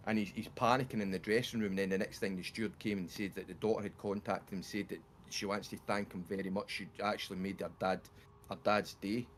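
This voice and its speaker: A man's voice: lowish voice, fast, slight background noise. A man chatting on a game livestream, retelling comedy bits with lots of swearing and laughter. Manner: animated storyteller, swears freely, laughs while retelling jokes. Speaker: streamer. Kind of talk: casual chat over a game livestream.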